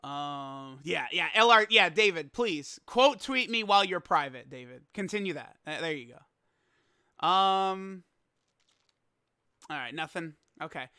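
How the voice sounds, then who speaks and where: A man's voice: a little high, animated, a little slow, sharp tone, smooth, no echo, clean studio sound. A young man giving casual reaction commentary as a gaming YouTuber, exasperated and laughing, rambling with stammered restarts.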